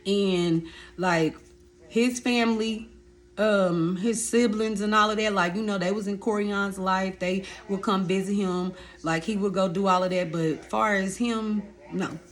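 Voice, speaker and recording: Woman in her 30s telling her life story on her channel, animated, keeps saying y'all and baby. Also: medium pitch, unhurried. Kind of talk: casual storytelling to viewers.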